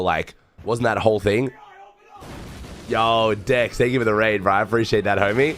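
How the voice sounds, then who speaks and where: A young Australian man with a hoarse, rough low voice, talking loosely to his stream chat while he watches. He swears offhandedly and keeps the tone laid-back. The sound is close and dry. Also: brisk, a bit bright, dry recording. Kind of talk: casual livestream watch-along commentary.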